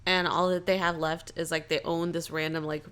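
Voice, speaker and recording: A young woman co-hosting a casual podcast about a movie, animated and laughing often, with frequent filler words. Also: low-pitched, fairly quick, smooth. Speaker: podcast co-host. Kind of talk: casual chat reviewing a movie.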